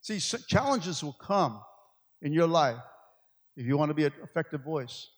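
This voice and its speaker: A high-pitched male pastor delivering a sermon in a hall with a long echo. He presses the congregation with rising, near-shouted questions, then drops to soft, intimate stretches. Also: lively intonation, moderate pace. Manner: preaching with rising, shouted appeals and quiet stretches.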